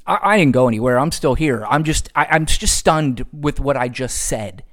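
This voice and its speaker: A man's voice: medium pitch, lively intonation, normal speed, fairly bright tone. A man hosting a solo podcast, ranting sarcastically with frequent profanity. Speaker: podcast host.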